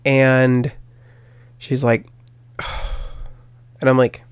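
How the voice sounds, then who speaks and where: A man's voice: medium pitch, little pitch movement, extremely slow, long pauses, smooth, no room sound. A young man hosting his own podcast, telling a personal story in a rambling, self-deprecating way with lots of fillers. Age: young adult. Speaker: podcast host. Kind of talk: casual storytelling monologue.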